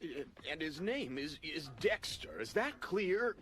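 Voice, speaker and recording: A fussy doting cartoon gentleman. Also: a little high, big pitch swings, measured pace, slight background noise. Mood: indignant. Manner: fussy, indignant and fond by turns. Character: doting pompous gentleman raising a baby dragon. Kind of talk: animated film dialogue. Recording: film clip with music behind.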